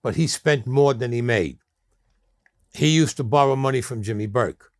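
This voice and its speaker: An older man with a thick New York accent spins blunt, streetwise stories, now and then slipping into the voices of the people in them. His voice sits at an ordinary middle pitch, and the sound is very dry and close, with no room around it. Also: normal speed, no room sound. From Brooklyn, New York. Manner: blunt, streetwise storyteller who acts out quoted people. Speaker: interview guest. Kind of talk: storytelling interview.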